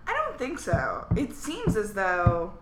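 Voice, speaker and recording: A woman's voice: medium pitch, wildly swooping pitch, takes it slowly, very noisy. A woman co-hosting a podcast in casual chat, talking through ideas and acting out lines in quotes. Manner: chatty, acts out characters' lines in quotes. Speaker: podcast co-host. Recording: echoey room.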